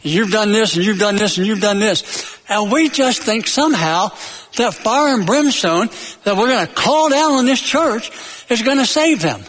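Male preacher, high voice, emphatic swings from loud peaks to low, recorded in a reverberant hall. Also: animated, normal speed. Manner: tells jokes and stories. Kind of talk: sermon.

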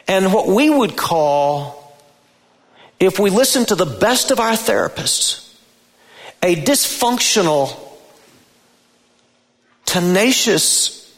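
A male pastor preaching a sermon in a church sanctuary, deliberate and emphatic, lifting his voice on key words. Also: high-pitched. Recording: long reverb of a large hall.

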